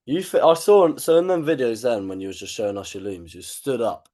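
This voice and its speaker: A man on a group video call asking a question in a halting, informal way. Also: mid-range voice, very animated, mellow. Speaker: call participant.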